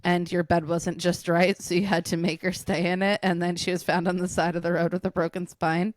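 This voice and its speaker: A woman's voice: lowish voice, little pitch movement, a little fast, no echo. Laughing woman podcast co-host, dry sound. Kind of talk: casual comedic podcast chat.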